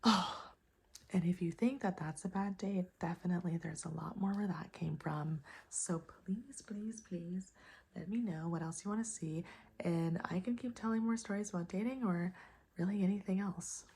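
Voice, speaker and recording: A young woman vlogger casually telling a dating story, animated, swearing and exasperated. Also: fairly low pitch, normal speed, creaky.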